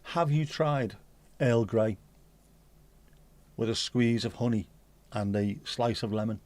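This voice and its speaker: A man's voice: medium pitch, slow, darkish tone, no echo. A man with a mid-range voice hosts a casual livestream. He chats loosely with his viewers, reads their messages out and answers them, and drops the odd swear word. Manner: chatty, swears casually, answers chat aloud. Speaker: livestream host reading chat. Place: home streaming setup.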